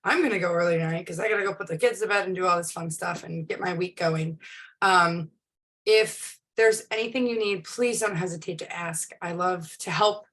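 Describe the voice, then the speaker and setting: A woman's voice: lowish voice, moderate pace, a bit bright. A woman in her forties hosts a casual live stream. She talks in a chatty, rambling way and often restarts her sentences with ums. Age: 40s. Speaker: host.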